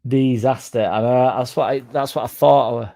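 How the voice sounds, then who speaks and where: A man hosting a fan livestream, rambling through deadpan jokes and chatting to the chat. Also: mid-range voice, moderate pace, gravelly. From Leeds, England. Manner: rambling deadpan joking, dropped articles. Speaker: fan channel livestream host. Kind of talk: casual livestream chat reading the chat.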